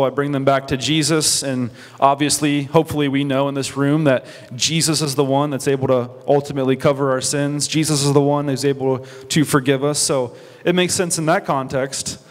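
A young man leading a Bible study, talking in an earnest, conversational way and asking his listeners rhetorical questions. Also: fairly high pitch. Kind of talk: casual teaching sermon. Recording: long reverb of a hall.

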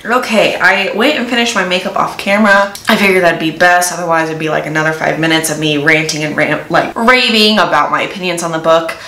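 A woman's voice: low-pitched, fairly quick, few pauses. A woman recapping a novel's plot in a casual, chatty way, with playful asides, while doing her makeup. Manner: animated, lively retelling with playful asides. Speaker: book reviewer. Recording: echoey room.

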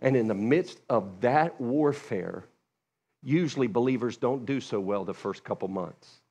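A male pastor delivering a sermon in an animated, conversational way. He leaps up in pitch when acting out quoted speakers and sinks to a low, quiet tone for asides. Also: unhurried, breathy edge. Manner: animated, acts out quoted voices with big pitch jumps; drops to a hushed, low voice for asides.

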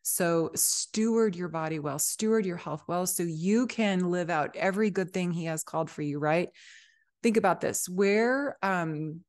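A woman's voice: on the low side, a little slow, a little mellow. A woman hosting a faith-based fitness podcast, talking to listeners with an exuberant, preachy enthusiasm and reading scripture aloud. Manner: exuberant, preachy pep talk. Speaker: podcast host.

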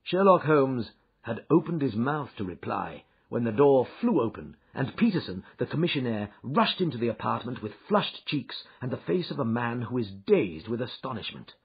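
Man, story narration, husky, measured, dull muffled recording. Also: sing-song. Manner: measured, low storytelling delivery. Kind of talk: scripted narration.

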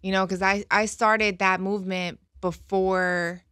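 A woman in her thirties talking candidly as an interview guest in a relaxed, casual way. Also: mid-range voice, a little slow, clear, resonant tone, no echo, clean studio sound. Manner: candid and relaxed, with fillers and laughs.

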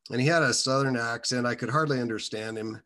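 A man sharing his personal faith testimony in a casual, halting way, with many restarts and side turns. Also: mid-range voice, bright, forceful tone.

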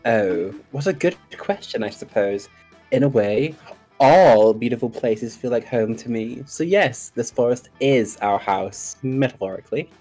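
A dreamy, easygoing young character with an airy, offhand delivery, voiced by a woman. The voice sits extremely low for a woman, with faint music underneath. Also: expressive, unhurried, mellow, heavily acted. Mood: breezy.

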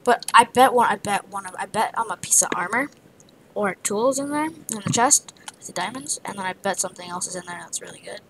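A woman's voice: medium pitch, expressive, a little fast, a bit bright, slight background noise, poor audio. A woman narrating her own gameplay, muttering to herself in a half-whisper with frustrated outbursts. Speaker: gamer. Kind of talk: let's play commentary.

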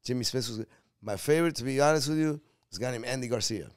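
A man in his fifties from Puerto Rico, an actor telling profane, animated stories as an interview guest. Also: mid-range voice, racing, smooth, no echo, clean studio sound. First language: Spanish. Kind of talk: casual storytelling interview.

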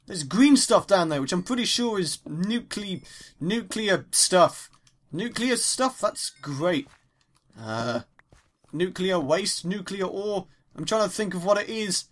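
Young english guy doing a let's play, chatty and jumpy, gasps at every new ore. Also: sits high. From England. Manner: excitable, chatty, exclaims at each find. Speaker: gaming YouTuber.

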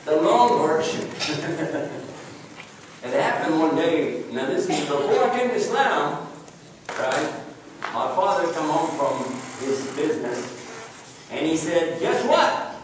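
A man's voice: a little high, expressive, slow pace, pauses often. A man giving a humorous storytelling lecture to an audience, chatty, joking with listeners and asking them questions. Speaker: guest speaker. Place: large echoing lecture hall. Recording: very echoey hall, voice from far off, background noise.

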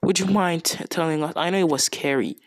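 A young man doing a halting, formal king. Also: on the high side, no room sound, voice pushed up, natural voice. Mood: probing.

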